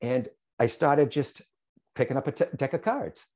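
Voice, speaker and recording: A man's voice: medium pitch, normal speed. A man, a psychic medium, telling his story to an interviewer and often checking in with "right?" and "okay?". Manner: animated, speaks straight to the host, frequent "right?" and "okay?".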